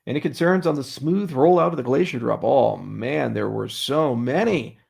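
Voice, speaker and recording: Joking, sarcastic man hosting a livestream Q&A, reads out questions. Voice very gravelly and husky. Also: mid-range voice, moderate pace, a little mellow. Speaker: livestream host answering viewer questions. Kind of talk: casual livestream Q&A.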